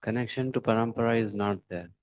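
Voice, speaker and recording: Halting man giving a sermon. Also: on the low side, no room sound, muffled recording. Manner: halting, with frequent pauses and fillers; asks the listeners rhetorical questions. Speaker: devotional lecturer.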